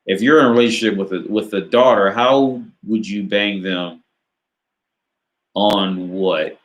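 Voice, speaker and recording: An American dating advice host, with a fairly low voice and fairly even intonation, takes viewer questions at a measured pace during a casual live Q&A. His replies ramble, swear, and lean on filler words, and the sound is roomy.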